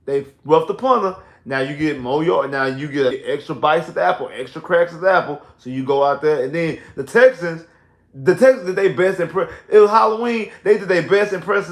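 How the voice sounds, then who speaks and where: On a casual postgame livestream, a man rants about football, emphatic and repetitive, getting more heated and exasperated as he goes. He uses headphones and a home streaming setup. His voice is on the high side, and the room sounds echoey.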